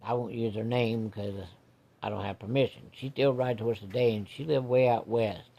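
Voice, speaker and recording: A man's voice: medium pitch, steady tone, normal speed, gravelly, muffled recording. A man telling a rambling personal story in a folksy, casual way.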